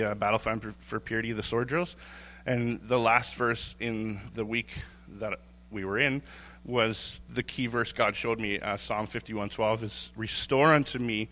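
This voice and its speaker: A lay preacher delivers an informal, candid sermon in a church sanctuary, chuckling and restarting his phrases as he goes. His voice is medium-pitched with a sharp tone, and the recording carries a long hall reverb.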